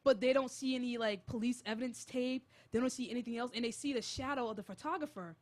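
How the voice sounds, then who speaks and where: A woman's voice: fairly high pitch, fast. Jittery young woman telling a spooky story. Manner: animated, jittery retelling with many "like"s. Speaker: college radio host. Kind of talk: casual storytelling on air.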